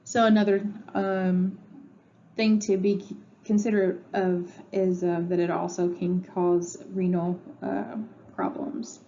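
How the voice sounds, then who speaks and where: Speaking slowly in a low-leaning, mellow, level voice, a pharmacy instructor lectures from her home room. Her delivery is conversational and peppered with ums and uhs, recorded in dull lo-fi audio with faint background noise.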